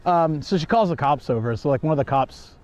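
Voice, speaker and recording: A man's voice: a little high, lively intonation, a little fast, darkish tone. A man telling a rambling story on a live stream while he walks through a park, chuckling often. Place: outdoors in a park.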